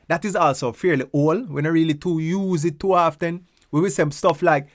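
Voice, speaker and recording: A woman's voice: low voice, moderate pace, hardly any pauses, no echo, studio quality. A woman with a Jamaican accent explaining everyday phrases in a casual, playful way, repeating words rhythmically to show how they sound. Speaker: presenter teaching local phrases.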